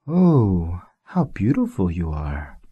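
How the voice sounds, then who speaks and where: A man voicing a gentle, earnest young boy prince in an audiobook, speaking in a sincere, rueful way. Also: low-pitched, wildly swooping pitch, slow, slightly rough, highs cut off, voice pushed down, heavily acted. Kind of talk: audiobook character voice.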